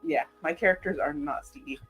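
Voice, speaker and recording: A man's voice: fairly high pitch, brisk, a bit bright, husky, soft background music. A man playing in a tabletop game, easygoing and amused. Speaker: player. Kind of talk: casual tabletop play.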